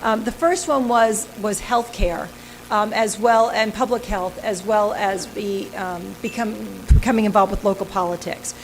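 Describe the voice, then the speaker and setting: A woman's voice: medium pitch, fairly even intonation, a little slow, slight background noise, poor audio. A woman presenting a local history talk with slides, chatty and hesitant, with frequent ums and restarts. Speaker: organization president giving a history talk.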